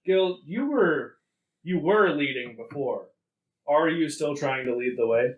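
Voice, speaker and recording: A man's voice: fairly high pitch, expressive, a little slow, echoey room, narrow, tinny audio. A man running a tabletop game as game master, laughing often and joking with his players.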